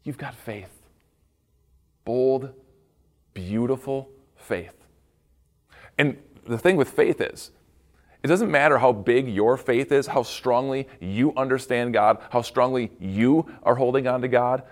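A man speaking as a pastor gives a devotional talk for children and adults, telling stories in an animated way, often repeating words and adding playful asides. His voice is mid-range at normal speed.

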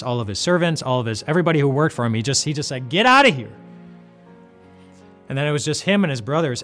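A man giving a casual devotional Bible talk as host. He speaks conversationally and often restarts and repeats words. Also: medium pitch. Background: faint music.

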